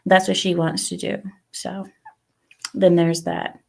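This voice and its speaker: A woman's voice: slow pace, gravelly. A woman hosting a casual livestream, chatting to her viewers and acting out what others said. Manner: chatty, talks to viewers, acts out quotes with lively pitch. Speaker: livestream host.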